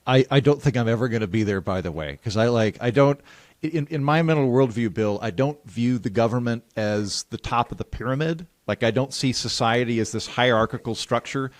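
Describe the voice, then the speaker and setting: A man's voice: mid-range voice, dry recording. Man, podcast host, casual and chatty, dry close mic. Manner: informal, quick asides, laughs easily. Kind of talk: casual interview chat.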